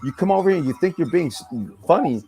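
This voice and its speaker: A man's voice: on the high side, lively intonation, fast, dark tone, slightly rough, soft background music. Profane, ranting male podcast host. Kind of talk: heated casual chat.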